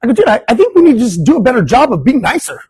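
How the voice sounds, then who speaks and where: Man, guest speaker, storytelling, acts out dialogue, casual swearing, husky, dry sound. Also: very high-pitched, sing-song, rapid-fire, a little mellow, no echo, rough recording. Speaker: guest speaker at investor meetup. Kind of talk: storytelling talk to a live audience. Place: meeting room.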